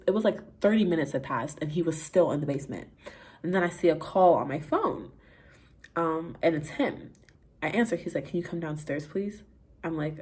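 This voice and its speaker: A young woman vlogger telling a casual story time, animated and laughing, going from hushed to loud. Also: on the low side, slightly rough.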